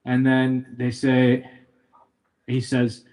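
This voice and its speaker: A young man from Canada stands up at a memorial gathering and tells stories about his father. His voice sits in an ordinary middle pitch, and his delivery is playful and joking while staying openly emotional. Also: unhurried, darkish tone. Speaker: son giving a eulogy. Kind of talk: memorial speech with storytelling.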